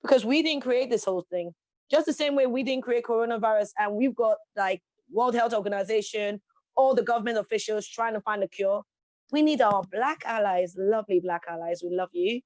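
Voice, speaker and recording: A woman's voice: medium pitch, brisk, darkish tone, no room sound. A woman, a guest in an interview, speaking passionately with emphatic rhetorical questions. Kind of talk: passionate conversational speech.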